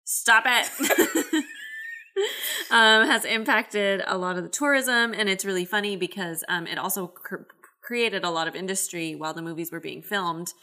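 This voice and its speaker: A woman's voice: lowish voice, a little fast, bright, forceful tone. A woman chatting casually, full of "um" and "like" fillers. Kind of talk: casual chat.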